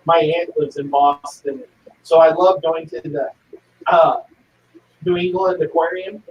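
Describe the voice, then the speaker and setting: A man's voice: a little high, fairly even intonation, unhurried, a little hiss or hum. A man chatting casually with curious, questioning upward lilts. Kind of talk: casual chat. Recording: distant, echoey, dull mic.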